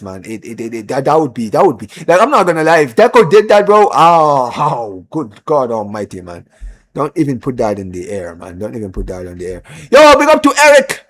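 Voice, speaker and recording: A young man hosting a football live stream, ranting in casual chat, repeating himself and calling the audience "bro". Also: medium pitch. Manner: animated, repeats himself, lots of "bro" and "man", rising when heated.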